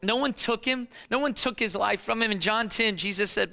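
High-voiced preacher, dramatic and emphatic. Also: male voice, moderate pace, vocal fry, hardly any pauses. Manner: dramatic storytelling, swinging from hushed to emphatic. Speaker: pastor. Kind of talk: sermon.

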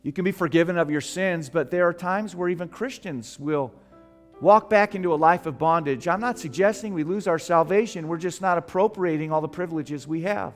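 A man preaching a sermon as pastor. He drops low and soft, then builds to loud, emphatic peaks, and slows down to stretch out the scripture quotes. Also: soft background music. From United States. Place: church sanctuary.

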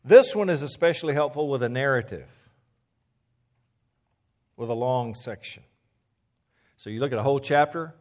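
A man preaching a teaching sermon in a mid-pitched voice. He leans hard on repeated phrases and falls to a quiet hush to drive points home. Now and then he stammers or restarts a word. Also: moderate pace, long pauses. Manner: emphatic, repeats key phrases, drops to a low hush for stress.

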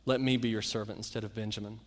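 A man's voice: lowish voice, quick pace. Man preaching a storytelling sermon. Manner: storytelling, animated, acts out quotes.

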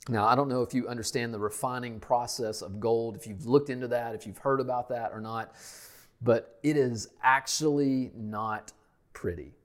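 A male pastor preaching a sermon, emphatic, repeating key lines and dropping to a hush at the ends of phrases. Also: mid-range voice, moderate pace.

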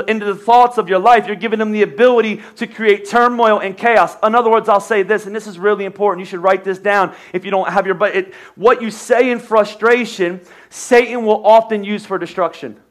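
A man's voice: high voice, fairly bright tone. An American man preaching a sermon as a pastor, conversational and joking, with repeated phrases. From United States.

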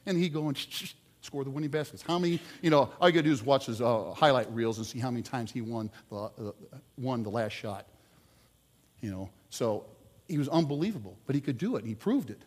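A man preaching a sermon, telling sports stories with lively swings between loud outbursts and quiet asides. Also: medium pitch, brisk, in a large hall.

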